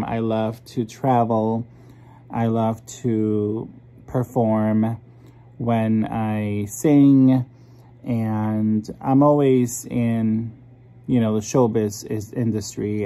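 A man's voice: medium pitch, warm tone. A man vlogging casually to his viewers, chatty and frustrated, swearing a lot while out on a drive. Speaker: vlogger and singer. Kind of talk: casual vlog talk to camera. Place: in a car on a drive.

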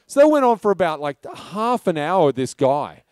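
A man tells a rambling story from a film shoot in a relaxed, conversational way. His voice sits fairly high and sounds smooth and clear. The sound is dry and close, with no room echo. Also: moderate pace. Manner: casual storytelling, loose and chatty. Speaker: film director. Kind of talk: anecdote at a live film talk. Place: pub function room.

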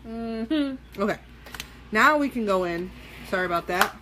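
A woman's voice: mid-range voice, expressive, unhurried, noisy background. A woman hosting a casual live-streamed makeup tutorial, chatting loosely with viewers as she works, with the odd swear word. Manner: chatty, loose and profane, talking to viewers while working. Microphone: phone or webcam on a live stream.

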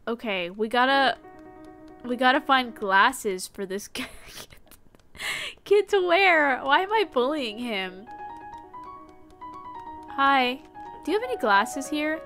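A woman's voice: a little high, lively intonation, slow pace, pauses often, pushed and bright, dry recording, faint music behind. A woman streamer giving casual gameplay commentary, playful and mock-indignant as she talks to the game's characters in character.

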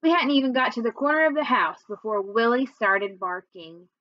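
A teacher reads a novel's chapters aloud to her class, first recapping with plenty of fillers and then reading steadily onward. Her voice is a little high and her pace moderate. The audio is dull, with no echo.

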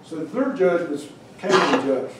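The recording is very noisy, echoey and captured from a distance as a wildlife carver talks at a museum. Slightly high and animated at a moderate pace, he tells rambling, humorous stories about his carving and restarts many times.

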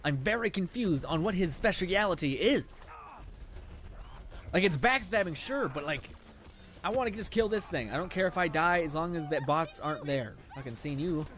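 A man's voice: fairly high pitch, animated, moderate pace, fairly bright tone. Sarcastic young man cursing over gameplay. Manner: frustrated, sarcastic, swears often, laughs a lot. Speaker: gaming channel host. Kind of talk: live gameplay commentary.

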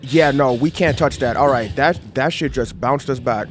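A man streaming a horror game, talking excitedly to his chat with lots of slang. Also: mid-range voice, normal speed, background noise. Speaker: gaming streamer. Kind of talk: horror game let's play commentary. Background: game music.

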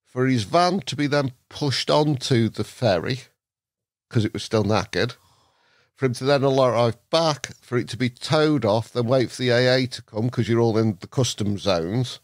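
A man from England telling a story as a podcast guest. He is lively and acts out the other people in the story with short put-on voices. He is recorded on a dry close mic with no room sound. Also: medium pitch, moderate pace, dry recording. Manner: lively, acts out voices in his stories, laughs often. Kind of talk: anecdotal storytelling.

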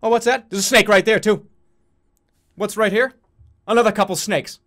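A man's voice: high voice, steady tone, normal speed, fairly bright tone. A young man streaming a video game, rambling casually with lots of swearing and laughter. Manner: rambling, profane, laughs a lot. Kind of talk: casual let's-play commentary.

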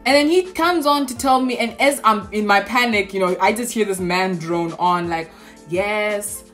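A woman's voice: mid-range voice, moderate pace, faint music behind. Sassy young woman telling a story. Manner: sassy, animated storytelling with asides. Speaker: vlogger.

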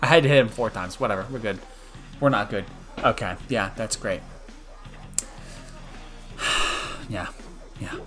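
A young man commentating his own online gameplay on a stream, joking and switching between loud outbursts and quiet mumbles. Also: fairly low pitch, measured pace, long pauses, faint music behind. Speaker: gaming streamer.

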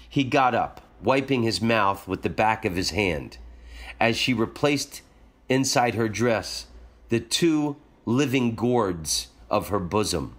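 A man hosting a show, reading a short story aloud in a calm storytelling manner. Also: on the low side, takes it slowly. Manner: calm storytelling, jokey afterwards. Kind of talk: reading a story aloud, then casual asides.

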